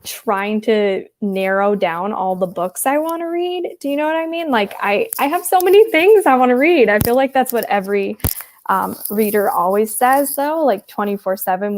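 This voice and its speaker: This livestream host, a Wisconsin woman in her twenties, speaks in a mid-range voice with lively intonation at a moderate pace. She chats and rambles with viewers, full of ums and likes, reads chat comments aloud, and has a Midwestern accent with traces of Texas twang.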